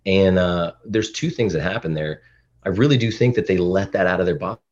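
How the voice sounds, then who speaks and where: A man's voice: deep voice, brisk, a little mellow, dull audio. A man in his thirties, a podcast guest, talking earnestly and emotionally in casual interview chat, often restarting his sentences. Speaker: podcast guest, dad influencer.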